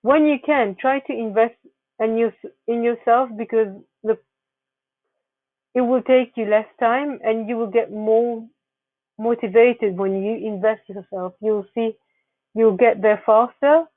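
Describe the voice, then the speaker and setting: A woman's voice: a little high, steady tone, unhurried, no echo. A woman presenting a narrated slideshow, giving earnest wellness advice with frequent restarts. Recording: tinny phone-like, dry sound.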